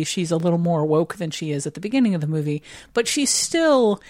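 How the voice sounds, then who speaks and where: A woman's voice: on the low side, expressive, fairly quick, a little mellow, no room sound. Skeptical woman pushing back in debate. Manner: skeptical, argumentative. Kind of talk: casual film discussion.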